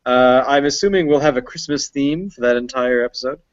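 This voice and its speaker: A man's voice: mid-range voice, a little fast, no room sound, faint music behind. A man hosts a casual podcast in a mid-range voice, wandering through his points with plenty of ums and uhs. The sound is dry and close, and it comes through a little muffled and lo-fi. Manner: rambling with many fillers. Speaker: podcast host. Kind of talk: casual chat.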